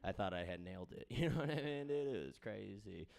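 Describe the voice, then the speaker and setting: A man's voice: on the low side, lively intonation, fairly quick, vocal fry, a little mellow. A young man doing a stand-up set in a comedy club, rambling through crowd work and stories with lots of filler and a habit of asking "all right?".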